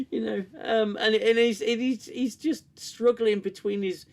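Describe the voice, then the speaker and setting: A man's voice: high-pitched, steady tone, slow, gravelly. A man hosting a casual review livestream, talking in a rambling, candid way, swearing often and laughing easily.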